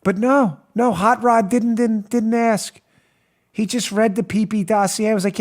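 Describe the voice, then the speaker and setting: A man hosting a political talk show, speaking in a sarcastic, animated, mocking manner from a studio. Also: high-pitched, a little slow. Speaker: host.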